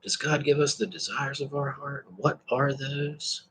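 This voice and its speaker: A man rambling through a reflective spiritual monologue, halting and restarting, breaking into bits of song and laughter. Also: medium pitch, fairly even intonation, fairly bright tone, slightly rough. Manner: meandering, halting, with bits of sung lyric and laughter. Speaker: vlogger.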